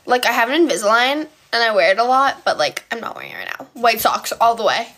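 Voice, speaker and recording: Young woman, from Poland, live stream chat, bright tone, stuttering, valley-girl talk, phone mic. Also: on the high side, big pitch swings, fast talker. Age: young adult. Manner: stutters and restarts often. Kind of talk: casual live stream chat, answering comments.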